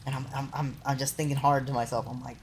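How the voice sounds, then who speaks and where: Woman, young, streamer, very low pitch, faint background noise, casual profane rambling. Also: little pitch movement, fast, darkish tone. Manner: rambling, profane storytelling with frequent laughs. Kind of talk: casual chat while gaming.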